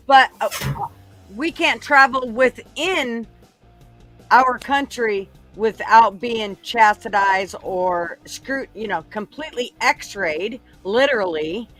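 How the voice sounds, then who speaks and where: A woman's voice: on the high side, fairly bright tone. A woman in casual chat on a podcast, blunt and heavy with profanity.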